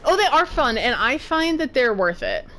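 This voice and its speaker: A woman's voice: on the high side, very animated, normal speed, a bit bright. A woman streaming a game, chatting casually and rambling, with jumpy nervous exclamations. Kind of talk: casual gameplay commentary.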